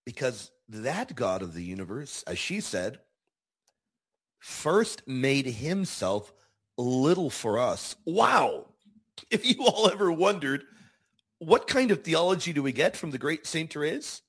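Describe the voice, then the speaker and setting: A man hosting a Catholic devotional show, teaching with fervent, emphatic delivery and slowing down to stress key words. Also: on the high side, sing-song, fairly bright tone, slightly rough.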